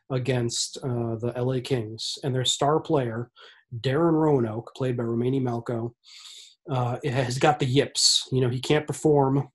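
A man's voice: medium pitch, breathy edge. A man hosting a casual podcast, explaining things with wry sarcasm. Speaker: podcast host.

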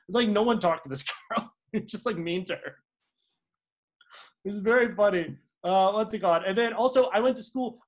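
A podcast co-host rambles through stories in loose, casual chat. The delivery is full of fillers and false starts, and the pitch leaps far up and down with a lively swing. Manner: rambling, with many fillers and restarts; swoops from low to high when excited.

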